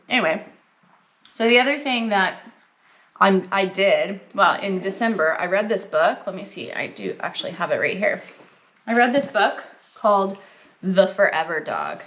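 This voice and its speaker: A young adult woman chatting casually to camera as a vlogger, filler-heavy and lively, talking with her mouth full at times. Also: medium pitch, moderate pace. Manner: chatty, lots of "like" and "um", eating while talking.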